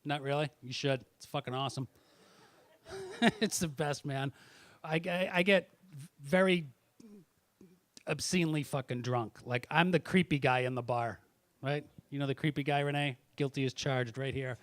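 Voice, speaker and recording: A man's voice: mid-range voice, moderate pace, pauses often, a bit bright, dry recording. A middle-aged man doing a brash, profane stand-up set on a comedy club stage, teasing the audience between jokes. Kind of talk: stand-up set with crowd work.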